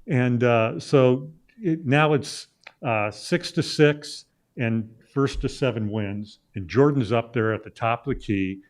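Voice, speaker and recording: With a mid-range voice and a slow delivery, a middle-aged man from Illinois, a sports journalist on a talk show, rambles through a long story. He speaks casually, with frequent "uh" fillers and restarts.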